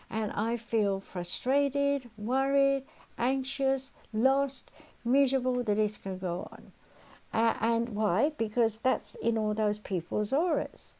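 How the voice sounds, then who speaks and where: A woman's voice: fairly high pitch, poor audio. An older woman giving a spoken lesson as a counselor, leading listeners step by step through exercises and acting out everyday worries along the way. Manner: animated, acts out everyday worries, gives step-by-step instructions. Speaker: counselor and teacher.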